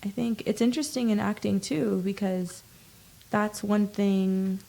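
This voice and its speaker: A woman's voice: mid-range voice, steady tone, measured pace, vocal fry, warm tone. A young woman guest on a podcast, an actor, talking thoughtfully and agreeably, sometimes drawing her words out. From United States. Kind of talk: casual interview chat.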